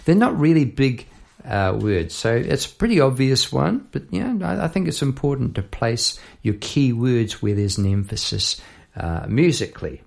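A man's voice: medium pitch, very animated, moderate pace, gravelly, darkish tone. A man teaching songwriting at home at night, chatty and self-deprecating, stopping to sing lines from his song. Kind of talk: casual songwriting lesson at the piano.

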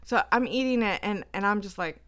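Smooth clear-voiced woman, chatty, laughs a lot telling a hiking story. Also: mid-range voice, brisk. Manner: laughing often, animated storytelling. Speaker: co-host of a hiking channel. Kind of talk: casual storytelling chat.

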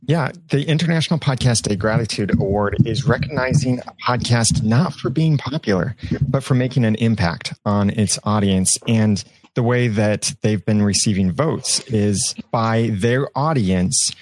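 A man on a podcast calmly explaining an award he sponsors, in a steady, explanatory way. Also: on the low side, normal speed, no room sound, rough recording. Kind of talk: casual podcast chat.

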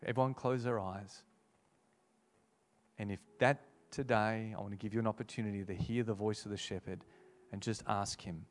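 A man with a somewhat low voice preaches an altar call to a congregation. He is earnest and repeats his key phrases. He slows down when he quotes scripture. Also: steady tone.

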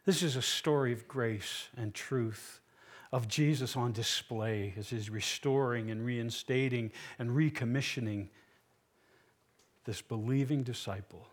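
A man preaching a sermon as pastor, earnest and emphatic, asking rhetorical questions and dropping low and soft for solemn passages. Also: unhurried.

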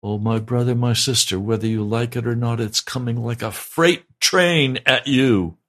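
A man's voice: medium pitch, normal speed, fairly bright tone. A man preaching a sermon as pastor, fervent and emphatic, repeating his pleas. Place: broadcast sermon.

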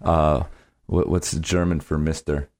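A man's voice: extremely low pitch, level tone, a little mellow. A man hosting a podcast, chatting casually and joking with his guest. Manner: quick, joking, laughs along. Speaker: podcast host. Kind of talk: casual chat.

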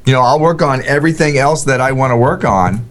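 A man co-hosting a casual group discussion and taking calls, speaking in an animated way and quick to agree. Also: medium pitch.

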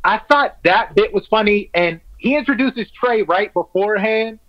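A man's voice: high-pitched, moderate pace, lo-fi sound. A man, a stand-up comic, chatting as a podcast guest in a laid-back, enthusiastic way, full of "man" and "like". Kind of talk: casual podcast chat.

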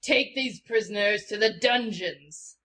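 A woman's voice: medium pitch, unhurried, bright, forceful tone. A woman voicing a disguised, impatient commander in a tabletop game, barking orders. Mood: commanding. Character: brusque bullying commander in disguise.

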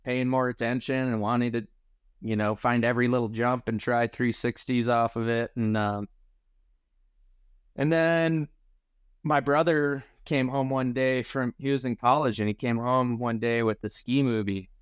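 A relaxed man in his forties, raised in Michigan, recalls his past in an easy, rambling way, dropping casual swears and calling people dude. His voice is smooth and clean, and the sound is dry and close. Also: mid-range voice, normal speed, dry recording, dull audio. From Michigan, USA. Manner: laid-back, swears casually, says dude and bro. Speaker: podcast guest, skier. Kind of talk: casual storytelling chat.

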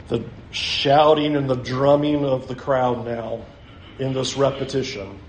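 A man's voice: medium pitch, fairly even intonation, a little slow. A man preaching a sermon in a church, emphatic and vivid, repeating his points for weight. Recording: roomy echo.

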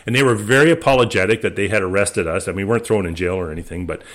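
A man, guest of an interview, telling his voyage stories in a relaxed, anecdotal way with many restarts. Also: deep voice, rapid-fire. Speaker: interview guest, expedition skipper. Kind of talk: relaxed storytelling.

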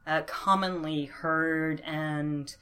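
A woman's voice: low-pitched, steady tone, extremely slow, a bit bright, clean tone. A woman linguist as a podcast guest, explaining thoughtfully with many fillers and laughs. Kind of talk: podcast interview.

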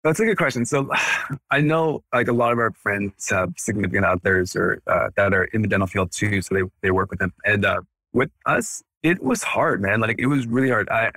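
Energetic guy in his 30s chatting on a podcast, bright voice, dry sound. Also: lowish voice, moderate pace, no room sound. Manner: energetic, animated, acts out quotes. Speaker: dentist and practice owner, podcast guest. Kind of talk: casual podcast interview.

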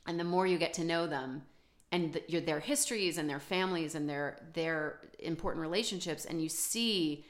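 An author guest on a podcast, a woman with a deep, low voice, chats in a relaxed way about her writing life at a moderate pace. Her talk is loose and self-deprecating, packed with fillers and restarts.

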